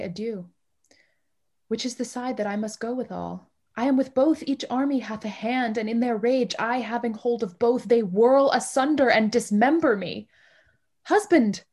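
A woman's voice: fairly high pitch, a little mellow, pitched above the performer's own voice. A woman reading a torn, grieving young bride. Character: young bride torn between two warring sides. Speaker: play reader. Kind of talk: Shakespeare play reading.

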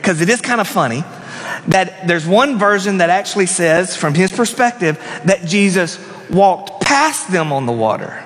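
A man preaching a sermon as a pastor, telling the story dramatically and dropping into hushed emphasis. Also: high voice, animated, moderate pace. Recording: long reverb of a church hall.

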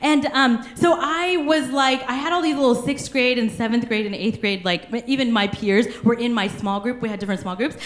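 A young woman delivers a sermon in a bright, high voice, animated and laughing through her stories. The sound carries a noticeable room echo. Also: normal speed, hardly any pauses. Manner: animated storytelling with frequent laughter. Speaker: pastor. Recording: echoey room.

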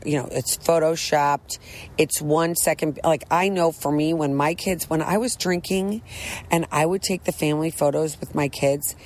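A woman's voice: deep voice, darkish tone, slight background noise, low-quality recording. A middle-aged woman talking candidly about her recovery from drinking, earnest and rambling, often restarting her sentences. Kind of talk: candid personal monologue.

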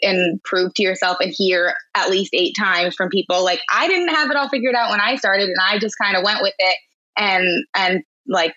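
A woman's voice: mid-range voice, lively intonation, normal speed, sharp tone, dull audio. A woman blogger talking as a podcast guest, chatty, with lots of fillers and restarts. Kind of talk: casual interview chat.

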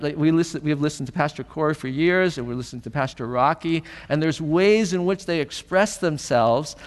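A pastor preaching a sermon in a conversational way, asking rhetorical questions and building emphasis. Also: male voice, fairly high pitch. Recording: long hall reverb.

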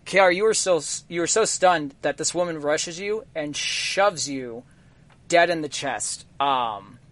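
A male game master narrating a tabletop game in an unhurried, deliberate way. His voice sits a bit high, and he pauses often on ums as he lays out the scene. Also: lively intonation, fairly bright tone. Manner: measured, halting, with frequent ums.

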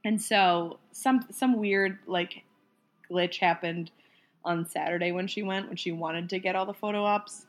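A woman's voice: fairly low pitch, steady tone, measured pace. A young woman casually telling a story in a podcast chat, giggly and full of "like"s.

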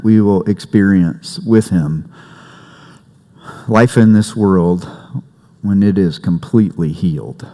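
A man preaching a sermon as pastor, conversational and warm-humored, with family stories. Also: lowish voice. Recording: long reverb in a church hall.

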